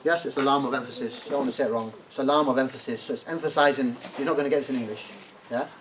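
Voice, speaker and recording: A man's voice: medium pitch, fairly even intonation, racing. A man teaching a classroom lesson who keeps asking "yeah?" and prompts his students to translate. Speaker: Arabic teacher. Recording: distant classroom recording, faint noise.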